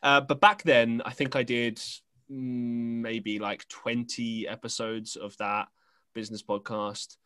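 A man's voice: mid-range voice, level tone, takes it slowly, fairly bright tone, clear, resonant tone, no echo. An English man hosting a podcast, telling a story in a rambling, chatty way with lots of fillers and restarts. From England. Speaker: podcast host. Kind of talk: casual conversational storytelling. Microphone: podcast microphone.

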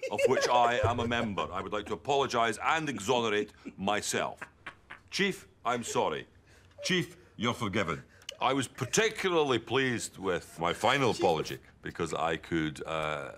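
Playing a pompous, over-apologetic bald police chief with a Scottish accent, a man gives a stiff, deadpan press statement. His voice sits in the mid-range, and there's a little hiss or hum on the recording.

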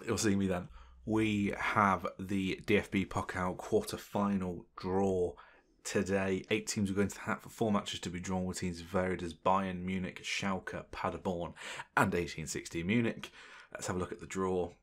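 A young man commentating his football management game, excitable and exclaiming when things go his way. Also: low voice, moderate pace. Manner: excitable, swearing mildly in exclamations. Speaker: gaming channel host. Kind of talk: gameplay commentary.

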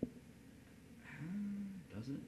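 A man's voice: sits high, animated, extremely slow, very noisy. A man from Indiana giving casual, rambling gameplay commentary at his computer, joking and poking fun at himself. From Indiana, United States. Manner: rambling, joking, self-deprecating. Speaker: let's play host. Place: at home computer.

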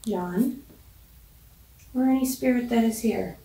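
A woman investigating a haunted basement calls out to a spirit, repeating her commands in a patient, coaxing way. Her voice is mellow and dark. It is recorded from a distance, with an echoey basement around her. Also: fairly high pitch, slow pace. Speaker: paranormal investigator. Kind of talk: calling out to a spirit during a ghost hunt. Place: old basement, indoors.

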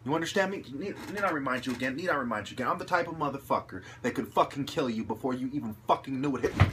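A man delivering an angry, profane monologue to his viewers, ranting aggressively and rising to shouts. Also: fairly high pitch, lively intonation, a little fast, slight background noise. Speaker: channel host.

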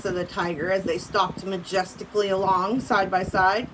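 A woman's voice: medium pitch, steady tone, normal speed, hardly any pauses, background noise. A woman teacher reading a story aloud to her class, breaking off to make casual comments and laugh.

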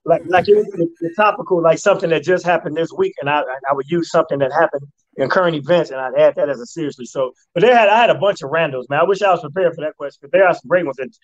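A man's voice: fairly high pitch, fast talker, few pauses, no room sound, lo-fi sound. A male comedian telling stories in a laid-back, casual way as a guest on a radio talk show. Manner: laid-back storyteller who slips into mock voices.

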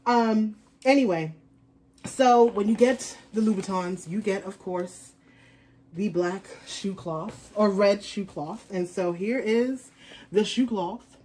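A woman's voice: medium pitch, slow, a little mellow, a little hiss or hum. A woman chatting casually in an unboxing vlog, rambling on as a fashion vlogger.

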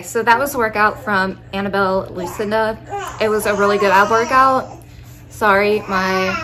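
Slow-talking woman vlogger. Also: mid-range voice, a bit bright. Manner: chatty and informal, with fillers. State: out of breath. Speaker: fitness vlogger. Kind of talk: casual home vlog. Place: home.

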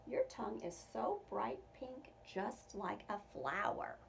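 A woman voicing a plain, gentle little male caterpillar in a children's storybook, speaking slowly and softly. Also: medium pitch, big pitch swings, creaky, far from the mic, a little hiss or hum, exaggerated voice, low-quality recording. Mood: admiring.

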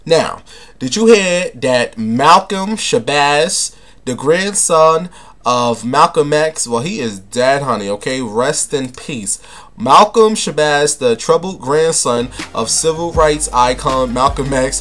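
A flamboyant man dishes celebrity gossip in a sassy, camp voice, throwing in honey and baby as he goes. His pitch sits in a middle range, and faint music plays behind him. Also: animated, slow, fairly bright tone. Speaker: vlogger. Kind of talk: casual celebrity gossip vlog.

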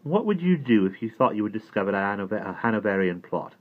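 A man voicing a polite calm young lad. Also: fairly low pitch, quick pace, pitched above the performer's own voice. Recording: tinny phone-like sound.

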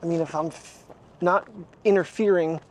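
A man's voice: fairly high pitch, fairly even intonation, normal speed. A man chatting casually for his daily vlog as he walks his dog, rambling and self-deprecating with frequent chuckles. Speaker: vlogger. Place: outdoors walking a dog, then in a car. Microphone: small wireless clip mic.

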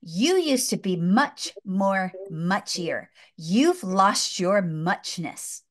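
An eccentric, gentle male hatter speaks in slow, deliberate, earnest phrases, as a woman puts him on mid-story. Each word is weighed and pressed home. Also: mid-range voice, big pitch swings. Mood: earnest, intent.

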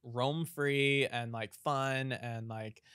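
A man's voice: medium pitch, steady tone, extremely slow, a bit bright, smooth, dry recording, studio quality. A man in casual podcast chat, telling stories with lots of "like" fillers. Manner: chatty storytelling, heavy on "like" fillers. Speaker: podcast participant.

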